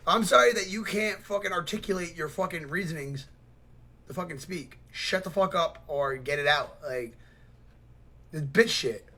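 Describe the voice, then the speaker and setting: A man rants over clips he is reacting to, his voice sitting a little higher than most men's. He talks in loose, rambling bursts, swearing constantly and throwing in mocking asides. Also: moderate pace, bright, forceful tone. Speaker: reaction video host. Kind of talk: casual profane reaction commentary.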